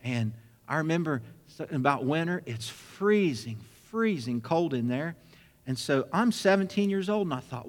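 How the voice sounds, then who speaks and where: A man preaching a sermon, telling a personal story with lively acted-out dialogue. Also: high-pitched, normal speed, big-room sound. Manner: animated storyteller acting out dialogue. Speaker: pastor.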